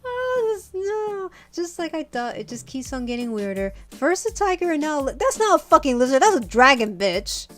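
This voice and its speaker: Woman doing a let's play, swears a lot, very animated voice, quiet game music behind. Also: sits high, a little fast, few pauses. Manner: swears freely, laughs at herself. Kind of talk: casual game commentary. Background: faint game music.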